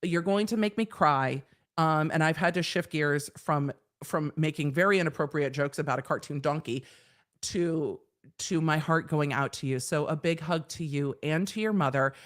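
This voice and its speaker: Middle-aged woman lawyer hosting a live stream; loose, chatty, animated, swears casually. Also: low voice, moderate pace.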